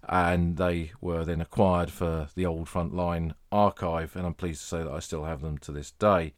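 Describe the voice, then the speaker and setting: Middle-aged English man, low voice, measured anecdotal podcast narration, dry close sound. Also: no room sound. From England. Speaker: podcast host, battlefield historian. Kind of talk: podcast narration, guided tour talk.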